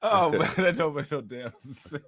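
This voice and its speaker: A man's voice: fairly high pitch, expressive, normal speed, very noisy. A man co-hosting a casual reaction chat, laughing a lot and using slang. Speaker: co-host.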